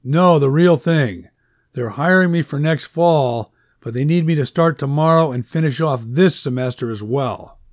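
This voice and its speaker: A man's voice: on the high side, normal speed, natural voice. A man voicing an anxious, earnest woman who is a worried schoolteacher, in a story reading. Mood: earnest, fretful.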